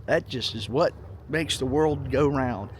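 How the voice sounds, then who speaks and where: A man's voice: mid-range voice, measured pace, a little hiss or hum. A middle-aged man giving casual, rambling money commentary in a vlog, emphatic and folksy, often repeating himself. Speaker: finance vlogger.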